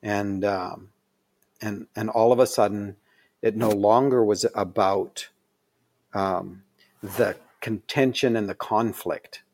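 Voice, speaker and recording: Gravelly-voiced man telling a story. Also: fairly low pitch, fairly even intonation, slow pace, a little mellow. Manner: rambling with frequent fillers and restarts. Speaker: guest. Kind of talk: conversational storytelling.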